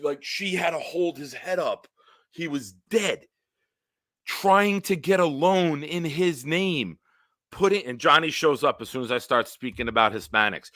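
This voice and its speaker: A man hosting a casual solo livestream, telling stories in a rambling, animated way with big swings in loudness. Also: on the high side, unhurried, no room sound, clean studio sound. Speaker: livestream host.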